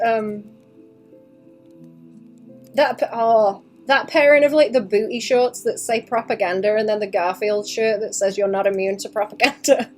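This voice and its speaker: A young woman streams her drawing work and chats casually with viewers. She mutters quietly to herself while she draws, then bursts into giggles and swears freely. Her pitch sits in the middle range, with faint music behind her. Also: unhurried. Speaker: artist streaming a drawing session.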